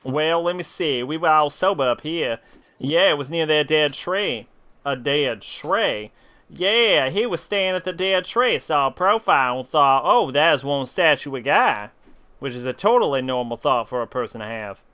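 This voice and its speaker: A man's voice: a little high, expressive, moderate pace, pushed and bright, clear, resonant tone. A tipsy man streaming a game, reading the dialogue aloud in a put-on southern country drawl and swearing freely. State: tipsy from drinking. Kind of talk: casual live gameplay commentary, reading game dialogue aloud.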